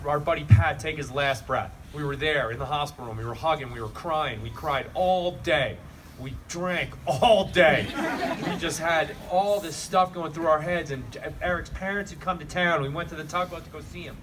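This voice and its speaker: A man's voice: a little high, a bit bright. A man giving a rambling, heartfelt eulogy to a crowd at a memorial gathering, talking bluntly and casually. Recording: distant mic with noisy ambience.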